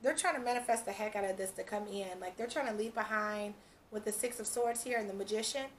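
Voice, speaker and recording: A woman's voice: mid-range voice, quick pace, slight background noise. A woman doing a casual tarot reading, chatty, breaking into frequent laughs. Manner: chatty, laughs often, quotes imagined speech. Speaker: tarot reader.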